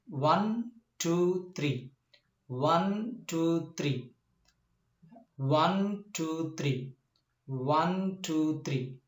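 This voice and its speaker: A man teaching a lesson, explaining step by step, repeating points and often asking whether the listener understands. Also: on the high side. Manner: slow, repetitive explanations with frequent "uh" and checking questions. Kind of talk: classroom lecture. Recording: echoey room.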